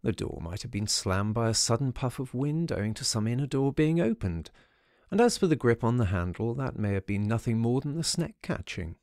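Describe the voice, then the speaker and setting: A man narrating a first-person ghost story audiobook in a measured storytelling manner. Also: mid-range voice, big pitch swings, darkish tone, no echo, studio quality.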